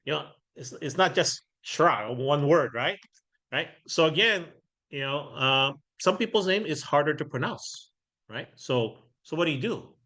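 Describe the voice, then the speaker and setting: A middle-aged man leads a workshop in a bright, fairly high voice. He talks to the room casually, checks in with "right?" after his points, and acts out sample doorstep lines. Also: lively intonation, a little slow. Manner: conversational, keeps checking in with "right?". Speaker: real estate trainer. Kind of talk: workshop teaching.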